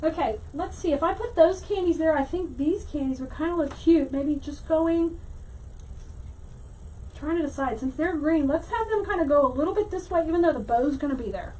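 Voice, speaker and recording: A woman hosting a casual crafting livestream, chatting warmly to viewers and greeting them by name as she works. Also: sits high, normal speed, a little hiss or hum, poor audio. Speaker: livestream host teaching wreath making.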